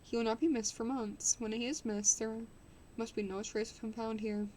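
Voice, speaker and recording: A woman reading the lines of a desperate young gentleman aloud from a novel, urgent and pleading, with small slips. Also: fairly high pitch, steady tone, normal speed, a little hiss or hum, natural voice.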